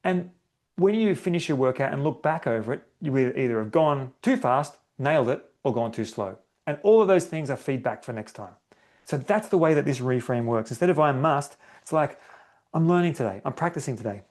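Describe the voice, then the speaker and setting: A man talking through a solo running podcast episode in a relaxed, conversational way. He slips into little voiced bits of inner self-talk and keeps checking in with the listener. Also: medium pitch, brisk. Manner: conversational, acts out inner self-talk, often adds "right?". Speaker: podcast host, running coach.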